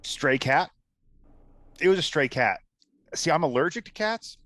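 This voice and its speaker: A man's voice: on the high side, expressive, measured pace, a bit bright, no room sound, pitched above the performer's own voice. A man voicing a flustered male monster-hunter who makes rambling excuses to a policeman in a tabletop role-play.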